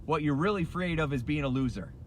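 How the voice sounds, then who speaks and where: Middle-aged guy coaching folks while driving, fired up and emphatic, faint car rumble under him. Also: quick pace. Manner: passionate, emphatic, repeats key phrases. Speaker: life coach and hypnotist. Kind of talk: motivational rant. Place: in a car at a red light.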